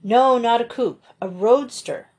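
An eager teenage boy detective in a storybook, sure of himself and pushing his questions briskly, as a woman reading aloud plays him. His voice stays light and keen. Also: fairly high pitch, a little mellow, pitched above the performer's own voice.

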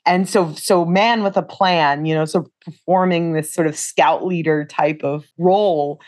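A young woman co-hosting a casual film discussion podcast, retelling scenes in a chatty, animated way. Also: lowish voice, a little slow, hardly any pauses. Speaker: podcast co-host.

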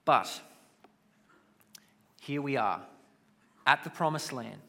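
A man's voice: medium pitch, lively intonation, takes it slowly, gravelly, pushed and bright. A man preaching a sermon in a conversational way, with casual asides. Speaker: pastor.

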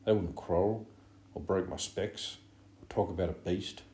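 A man's voice: deep voice, fairly even intonation, normal speed, darkish tone, a little hiss or hum, lightly acted. A man reading an audiobook, voicing an anxious, fussy schoolboy who pleads earnestly. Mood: wistful. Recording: roomy echo.

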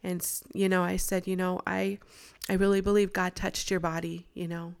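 Middle-aged woman chatting about her faith, slightly low voice, acts out the quotes. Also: level tone, normal speed, gravelly, clear, resonant tone. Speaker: guest sharing a testimony. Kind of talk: casual storytelling.

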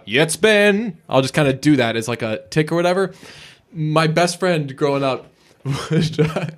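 A man co-hosting a podcast in casual chat, rambling and profane, often laughing. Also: mid-range voice. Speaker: podcast co-host.

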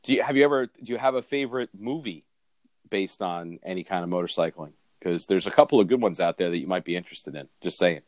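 A man's voice: low-pitched, lively intonation, quick pace, darkish tone, no echo. A man co-hosting a podcast, chatting in an opinionated way about movies. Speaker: podcast co-host. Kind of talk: casual chat.

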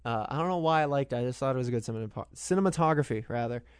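A man's voice: mid-range voice, lively intonation, very fast, smooth, no echo, studio quality. A man co-hosting a podcast, casually recapping a film scene by scene and often restarting his sentences. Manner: rambling retelling with frequent restarts. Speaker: podcast co-host. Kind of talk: casual movie recap chat.

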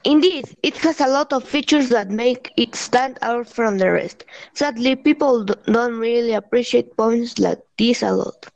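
A woman's voice: on the high side, measured pace, vocal fry, darkish tone, dry recording. A woman co-hosting a scripted podcast, reading her lines plainly. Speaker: co-host. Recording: muffled lo-fi recording.

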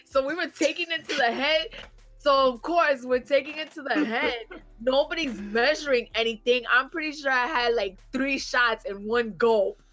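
A woman in her thirties telling a rowdy story in casual chat, animated and swearing, laughing as she goes. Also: high voice, normal speed, faint music behind.

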